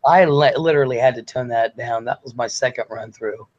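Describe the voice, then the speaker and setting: A man with a middle-pitched voice hosts a loose live-stream chat. He rambles, jokes and reads viewer comments aloud in an easygoing, offhand way. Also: fairly quick, dull audio. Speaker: show host.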